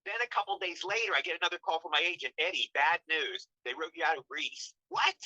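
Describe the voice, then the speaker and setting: An older man, an actor guest, telling animated stories in an interview and acting out quotes in funny voices. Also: high voice, brisk, vocal fry, no room sound, muffled recording. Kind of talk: storytelling interview.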